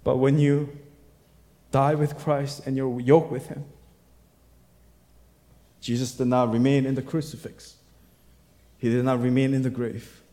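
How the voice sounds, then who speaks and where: A man's voice: medium pitch, flat delivery, measured pace, pauses often. Preaching man in an echoing hall. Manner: rises to loud emphatic bursts, then drops quiet; reads scripture aloud, acting out the quoted voices. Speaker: pastor. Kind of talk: sermon. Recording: long hall reverb.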